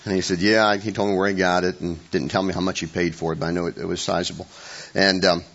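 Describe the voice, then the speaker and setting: Low-sitting and a bit bright, this older pastor's voice moves quickly with little pitch movement as he delivers a conversational sermon in a church. Wry and self-mocking, he rambles through stories, restarting and correcting himself often, on a dull lo-fi recording.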